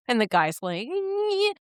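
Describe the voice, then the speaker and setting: A woman's voice: medium pitch, animated, moderate pace, fairly bright tone, smooth, no room sound, studio quality. A woman co-hosting a book podcast, chiming in with her opinions and reenacting scenes in a giggly, casual way. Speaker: podcast co-host. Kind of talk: casual book recap chat.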